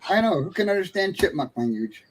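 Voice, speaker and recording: A man's voice: sits high, very animated, fairly quick, a little hiss or hum. A man joining a live-stream chat, jokey and chuckling.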